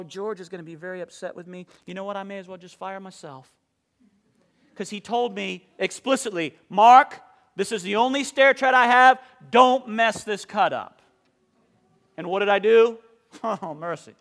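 A man preaching a sermon with a rather high voice. He swings between booming declarations and quiet, hushed passages. He draws out scripture slowly for emphasis. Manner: drawn-out emphatic scripture reading; questions and asides to the congregation.

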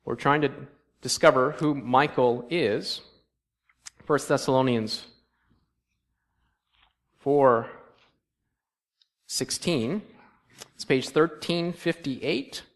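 A man preaching a sermon in a church. He reads scripture aloud and quizzes the congregation, moving between quiet asides and emphatic lines. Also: medium pitch. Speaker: pastor. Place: church sanctuary.

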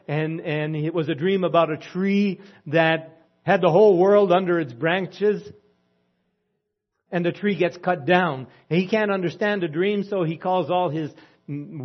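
Folksy preacher man, muffled recording. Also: a little high. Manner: folksy storytelling with rhetorical questions. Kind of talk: sermon.

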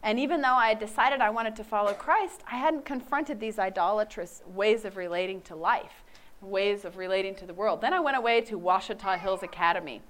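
A woman's voice: mid-range voice, fairly bright tone, a little hiss or hum. A woman in her forties giving a candid, self-mocking personal faith testimony. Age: 40s.

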